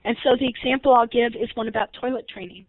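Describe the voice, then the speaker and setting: Her pitch fairly high and her tone steady, the trainer moves at a quick pace through a recorded webinar, chatting with participants and asking them questions. The recording is dry and comes through a tinny, phone-like line.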